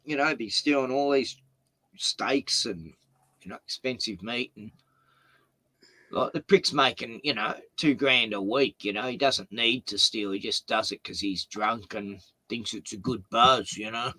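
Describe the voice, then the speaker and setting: Bright-voiced blunt man. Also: mid-range voice, measured pace, no echo. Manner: blunt and profane, rambling storytelling. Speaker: host. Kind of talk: casual chat.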